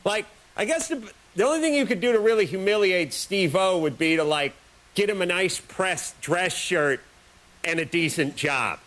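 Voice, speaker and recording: A man hosts a late-night show, delivering a rambling, sarcastic comic monologue full of deadpan jokes. His voice is high-pitched and moves at a moderate pace.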